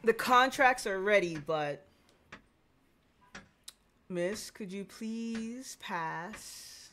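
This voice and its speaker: A woman's voice: medium pitch, extremely slow, fairly bright tone, slight background noise. A woman reading as a polite, urgent male caller. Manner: courteous, pressing.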